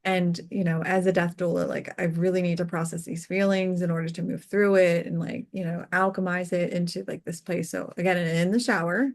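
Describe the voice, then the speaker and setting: A woman working as a death doula, guest on an interview show, telling personal stories earnestly, full of "like" fillers, her voice going soft and quiet on tender points. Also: fairly low pitch, level tone, fairly quick, hardly any pauses. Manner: earnest and heartfelt, peppered with "like" fillers. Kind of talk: casual interview storytelling.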